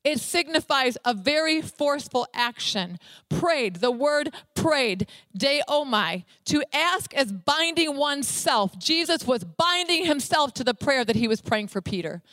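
A woman delivers a sermon in a voice pitched a little high, pressing hard on single words, repeating them and spelling them out. The sound is dry, with no room around it. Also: lively intonation, a little slow, fairly bright tone, dry recording. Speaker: preacher.

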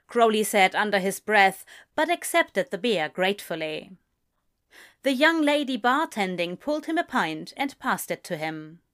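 A woman reads a story aloud in a calm, measured way. Her pace is slow and deliberate, and her voice sits in a middle range. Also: medium pitch. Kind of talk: audiobook-style story narration.

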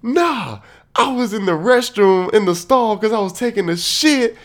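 A man voicing his furious, foul-mouthed male best friend, yelling in a high strained voice. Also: expressive, unhurried.

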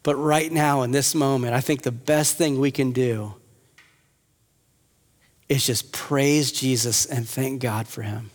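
A man's voice: medium pitch, steady tone, takes it slowly. A man preaching an earnest sermon as a pastor, rising at times to impassioned appeals. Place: church hall with audience. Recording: long hall reverb.

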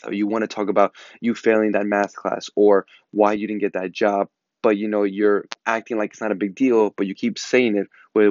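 Male host, lowish voice, earnest rambling advice talk, dry slightly muffled recording. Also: darkish tone, no room sound. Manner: earnest, repeats words, fillers "like". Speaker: podcast host. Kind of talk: casual advice monologue.

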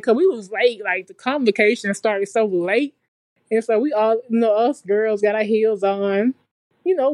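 A young adult woman telling a story in a relaxed, chatty way, as a podcast guest. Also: on the high side, dry recording. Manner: relaxed, chatty and colloquial, with frequent fillers. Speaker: podcast guest, nursing graduate. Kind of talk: casual storytelling chat.

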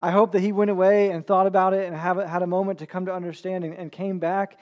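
A man's voice: sits high, level tone, fast talker, dull audio. A man preaching a sermon in an earnest, conversational way, with small restarts and repeated words. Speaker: pastor.

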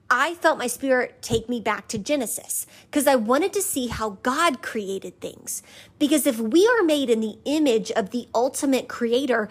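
High-voiced woman preaching with emphatic repetition. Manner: emphatic, repeats phrases rhythmically; conversational, leads listeners to say lines back. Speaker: podcast host. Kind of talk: faith podcast teaching.

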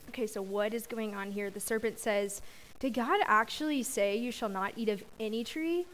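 A woman's voice: a little high, normal speed, a little hiss or hum, poor audio. Chatty young woman giving a youth sermon. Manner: casual, chatty, laughs at her own slips. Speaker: youth speaker. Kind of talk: youth sermon with prayer and scripture reading.

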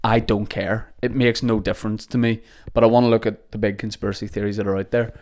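A man's voice: on the low side, flat delivery, fast, darkish tone. Jokey man hosting a podcast. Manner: rambling, jokey, sweary. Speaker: podcast host. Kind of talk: casual comedic monologue. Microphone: podcast microphone.

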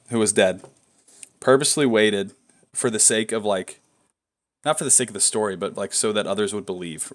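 A young man co-hosting a casual faith podcast, excitable and prone to loud whoops of joy. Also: on the low side. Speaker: podcast co-host. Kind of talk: casual chat.

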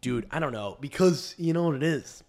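A man's voice: on the high side, expressive, normal speed, a little mellow. A man hosting a casual podcast, rambling and swearing freely, with frequent restarts. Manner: rambling, profane, restarts often. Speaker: podcast host.

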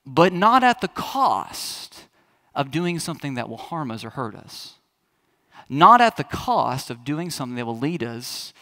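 A man's voice: fairly high pitch, sharp tone. A man in his thirties, a pastor preaching a sermon in a chatty, storytelling way that speaks straight to the congregation.

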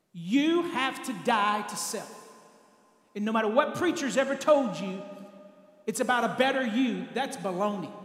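A man preaching a sermon as pastor, swinging from soft, low murmurs to shouted exhortation. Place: church sanctuary. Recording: echoey hall, long reverb.

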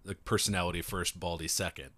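Low-voiced man telling stories. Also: fast talker, breathy edge, no room sound. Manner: relaxed storyteller, acts out quoted voices. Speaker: podcast guest. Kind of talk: casual comedic chat.

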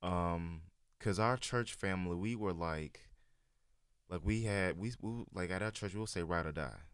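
Man, low voice, laid-back rambling storyteller, dry close mic. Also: measured pace, clean tone, dry recording. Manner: relaxed, rambling storyteller with many fillers. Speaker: guest sharing his church experience. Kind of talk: casual chat.

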